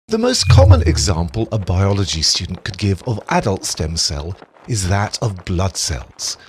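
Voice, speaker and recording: Male narrator, lowish voice with a lively pitch, measured scripted science lesson, faint noise.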